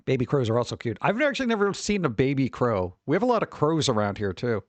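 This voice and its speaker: Animated streamer man, lively pitch. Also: fast talker, no echo. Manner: animated, chuckling, drifts into mock voices for animals. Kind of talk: casual chat reacting to pet pictures.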